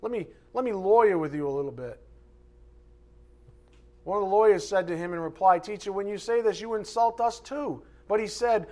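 A man preaching an expository sermon, animated, mocking the voices of his opponents and shouting for emphasis. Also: high-pitched, a little fast.

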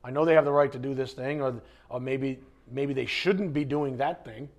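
A man's voice: mid-range voice, normal speed. A man teaching the Bible in a conversational way, blunt and fond of rhetorical questions.

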